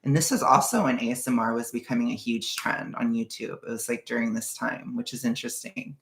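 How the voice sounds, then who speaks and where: A young man talks through a casual storytime vlog, his voice carrying a gravelly fry. He rambles along, stacking fillers and restarts as he goes. The sound bounces around an echoey room. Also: mid-range voice, brisk, a bit bright, far from the mic. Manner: rambling, filler-heavy storytelling with frequent "like" and "blah, blah". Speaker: vlogger.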